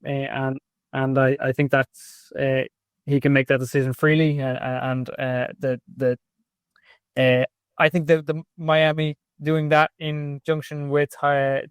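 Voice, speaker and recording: A man co-hosting a sports podcast, analysing in a halting way with many restarts. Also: mid-range voice, level tone, clear, resonant tone, dry recording, studio quality. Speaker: podcast co-host.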